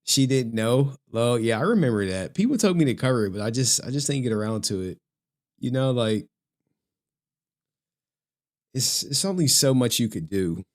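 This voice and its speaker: A man's voice: mid-range voice, expressive, moderate pace, pauses often. A tired man talking casually on a live stream, loose and chatty, swearing now and then. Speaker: commentary streamer.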